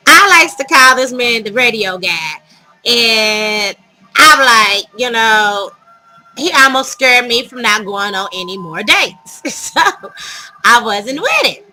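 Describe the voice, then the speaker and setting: A woman vlogger telling a dating story to her viewers in casual, animated storytelling, dramatic and laughing as she goes. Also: a little high, takes it slowly, long pauses, poor audio.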